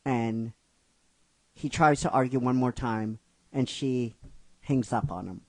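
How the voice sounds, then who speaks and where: Slow, halting male storyteller. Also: medium pitch, a little mellow, no echo, poor audio. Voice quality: halting, restarting phrases. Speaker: narrator retelling a fan script. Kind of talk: emotional storytelling recap.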